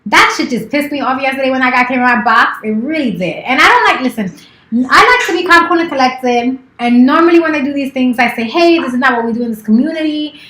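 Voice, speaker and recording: High bright-voiced woman streaming from an echoey room. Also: animated, fast. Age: 30s. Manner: playful, teasing, swears freely. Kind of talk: casual live-stream chat. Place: office.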